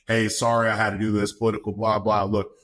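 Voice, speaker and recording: Young male podcast guest, lowish voice, relaxed storyteller who laughs a lot. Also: quick pace. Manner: laid-back, laughs often, acts out quotes. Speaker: podcast guest, football player. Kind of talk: casual storytelling.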